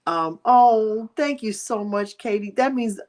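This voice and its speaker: A middle-aged woman hosting a livestream, talking to her viewers with deep emotion and prayerful gratitude, near tears in her grief. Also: lively intonation, takes it slowly. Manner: emotional, warm-hearted, prayerful, addressing viewers directly. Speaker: livestream host. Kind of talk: heartfelt livestream talk.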